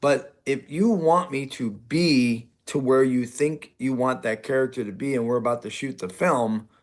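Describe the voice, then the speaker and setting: A man's voice: mid-range voice, moderate pace. A man with a mid-range voice hosts a casual interview podcast. He talks in long, rambling runs and often acts out the people he quotes. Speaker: podcast host.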